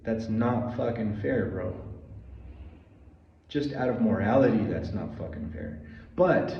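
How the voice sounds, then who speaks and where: A man ranting heatedly in a solo vlog, swearing often and stumbling over repeated restarts. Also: fairly low pitch. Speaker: vlogger. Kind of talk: solo opinion rant to camera. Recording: echoey room, far from mic, dull lo-fi.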